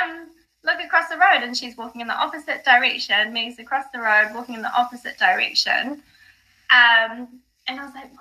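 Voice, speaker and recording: A woman guest on a podcast, telling a personal story in casual chat, animated, with many fillers and the odd swear. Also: fairly high pitch, a little fast, poor audio. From not from the UK. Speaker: psychic guest.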